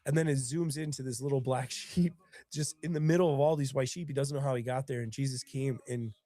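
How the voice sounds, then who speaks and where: A sniffly man with bronchitis, rambling earnestly as he talks to his live-stream viewers. His voice sits at a middling pitch and sounds close and dry, with no room around it. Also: steady tone, a little fast, dark tone, no echo. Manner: earnest, rambling, emotional storytelling. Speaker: singer-songwriter hosting his own live stream. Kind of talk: casual live-stream chat.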